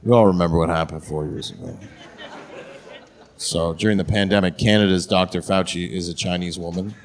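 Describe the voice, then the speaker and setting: A man's voice: deep voice, fairly even intonation, fairly quick. A man doing a stand-up set on a comedy stage, rambling through crude punchlines into a handheld mic.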